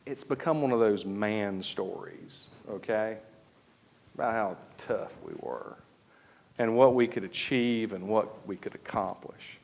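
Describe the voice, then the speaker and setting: A man, preaching a sermon and telling a story with lively, acted-out moments. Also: lowish voice, slow pace, long pauses. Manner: animated storytelling with laughs and acted-out shouts. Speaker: pastor. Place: church sanctuary.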